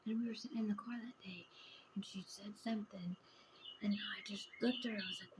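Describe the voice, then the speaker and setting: A middle-aged woman telling a personal story in a vlog, raw and emotional, halting and often hushed. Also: medium pitch, steady tone, noisy background. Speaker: vlogger.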